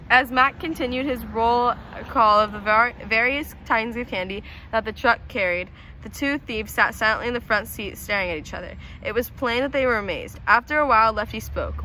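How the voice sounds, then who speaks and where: Woman reader, storybook read-aloud, slightly high, bright and expressive. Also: a little hiss or hum, rough recording. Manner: slow, expressive reading. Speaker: student reader.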